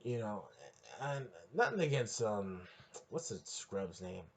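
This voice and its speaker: A man hosting a podcast, ranting crudely and heatedly, rambling with restarts and sudden bursts of near-shouting. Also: on the low side, sing-song, takes it slowly, a little hiss or hum. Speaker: podcast host. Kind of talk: profane solo rant.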